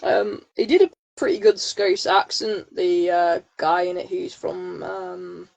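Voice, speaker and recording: A woman's voice: on the low side, steady tone, slow pace, creaky, darkish tone, rough recording. A woman guest chatting casually on a podcast, hesitant with many fillers, getting over a cold. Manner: hesitant, lots of ums. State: has a cold. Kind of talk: casual chat.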